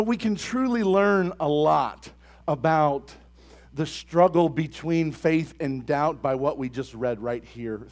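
A young man preaching a sermon as pastor, talking to the congregation and asking them questions, then building to loud, emphatic bursts. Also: a little high. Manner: conversational, asks the congregation questions.

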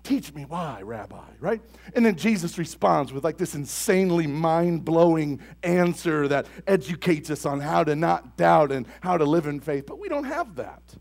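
Young male pastor, high animated voice, conversational sermon that swells into forceful emphasis. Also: normal speed, creaky. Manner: builds to loud emphatic bursts; conversational, asks the congregation questions.

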